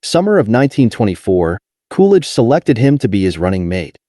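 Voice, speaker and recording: Low, mellow male audiobook narrator. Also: very animated, brisk, no echo, studio quality. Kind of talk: scripted nonfiction narration.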